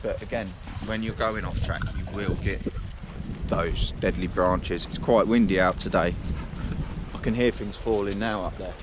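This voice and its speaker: A low, steady voice at a moderate pace belongs to a man strolling with his dogs through windy woodland. Holding a camera, he wanders casually from topic to topic for his viewers, amid wind and outdoor noise.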